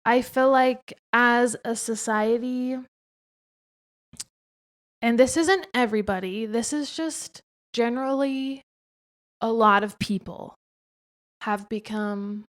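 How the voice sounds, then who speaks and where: A woman's voice: fairly high pitch, slow, pauses often. A young adult woman talking casually and expressively as a podcast host, with lots of filler "like". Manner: chatty and expressive, frequent filler "like". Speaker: podcast host, interviewed by her husband. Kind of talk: casual conversational chat.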